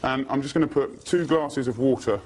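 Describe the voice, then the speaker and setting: A man's voice: mid-range voice, moderate pace, a little mellow, slight background noise. Chatty man doing a cooking demo. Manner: chatty, hedges with "sort of" and "kind of". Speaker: TV cook. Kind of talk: cooking demonstration. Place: kitchen. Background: frying and sizzling.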